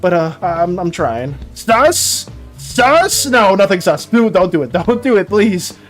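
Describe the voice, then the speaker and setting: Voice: medium pitch, very animated, slow, faint music behind. A streamer chatting casually with viewers while drawing, stammering and repeating words, emotional and flustered.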